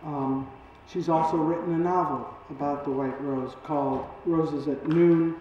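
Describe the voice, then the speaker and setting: A man gives a halting formal introduction for a guest lecturer, pausing on fillers as he goes. He sounds far from the microphone, and the recording is dull and muffled. The sound rings with heavy echo from a large hall. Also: a little high, fairly even intonation, slight background noise. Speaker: event host introducing the speaker.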